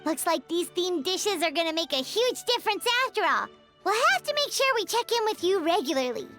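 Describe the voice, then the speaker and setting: A woman's voice: very high-pitched, big pitch swings, fairly quick, a bit bright, heavily acted. A woman voicing a small, cheerful floating companion in a video game, chirpy and eager. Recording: game audio with music.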